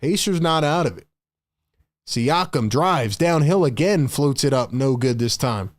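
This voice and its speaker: A young man hosting a live stream, giving excited fan play-by-play of a basketball game and hyping up his chat. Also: medium pitch, a little slow, no echo, clean studio sound. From Philadelphia area. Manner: excitable, hypes the chat, shouts at big plays.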